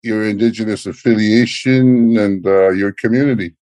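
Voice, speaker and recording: A man's voice: fairly low pitch, fairly even intonation, moderate pace, darkish tone, no room sound. A man hosting a podcast, reading a prepared introduction and then asking questions with some fillers. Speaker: podcast host. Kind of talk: scripted intro and interview questions.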